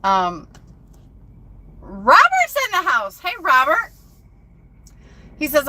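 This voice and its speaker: A woman's voice: sits high, wildly swooping pitch, slow, long pauses, pushed and bright. A woman truck driver chatting casually on a phone live stream from her cab at a truck stop, reading viewer comments aloud.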